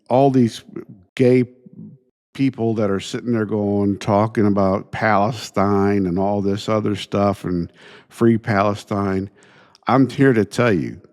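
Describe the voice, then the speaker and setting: A man hosting his own show, ranting indignantly in a halting way, restarting phrases and sighing between thoughts. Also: on the low side, darkish tone. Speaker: podcast host. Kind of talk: solo opinion rant.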